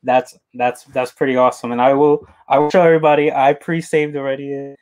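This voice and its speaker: A man hosting an interview, talking casually in halting, rambling sentences with many repeated words. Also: medium pitch, little pitch movement, a little mellow. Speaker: interview host.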